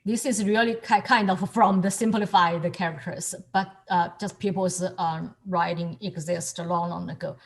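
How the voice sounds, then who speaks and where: A woman's voice: fairly low pitch, steady tone, normal speed, few pauses. A woman teaching a student over a video call, explaining patiently and encouraging the student as she repeats each word. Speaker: calligraphy and Chinese teacher. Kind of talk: online lesson explaining to a student.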